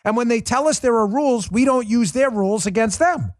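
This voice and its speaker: A middle-aged man rants in a fired-up, scornful political monologue, hammering his points with insults and repetition. His voice sits high and swings widely in pitch. The sound is close and dry, with no room around it. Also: expressive, fairly quick, no room sound. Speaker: political commentary host.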